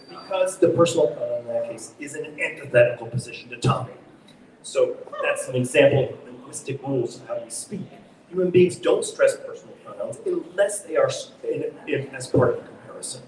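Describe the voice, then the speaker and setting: A man's voice: mid-range voice, expressive, a little fast, darkish tone. Man talking from afar in an echoey hall. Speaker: talk show guest, acting teacher and director. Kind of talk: casual live talk show interview. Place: underground market stage. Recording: echoey public space, distant mic, faint noise.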